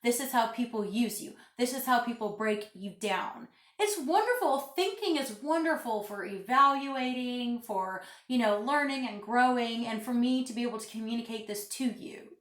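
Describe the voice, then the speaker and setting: A woman's voice: on the high side, expressive, moderate pace, few pauses, fairly bright tone, roomy sound. A woman giving an emphatic, preachy spiritual vlog talk into her phone, repeating phrases for stress. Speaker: spiritual vlogger. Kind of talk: casual vlog monologue.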